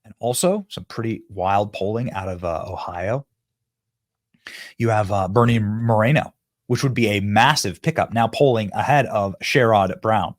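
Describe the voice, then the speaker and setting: A man hosting a political commentary show, talking emphatically and mockingly, with sudden loud outbursts. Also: on the low side, normal speed, no echo, studio quality.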